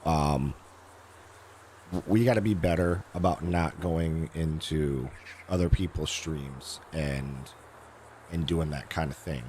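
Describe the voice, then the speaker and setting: A man streaming a game, chatting casually with his viewers in a hoarse voice that he is losing, rambling with many fillers and restarts. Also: extremely low pitch, slow, darkish tone, a little hiss or hum. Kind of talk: casual live-stream chat.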